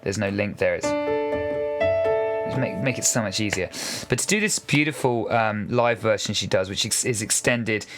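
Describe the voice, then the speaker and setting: Male piano tutor, patient and chatty, counting beats aloud over loud piano. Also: fairly low pitch, normal speed. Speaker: piano teacher. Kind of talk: casual step-by-step piano lesson. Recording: piano music loud under voice. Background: piano playing.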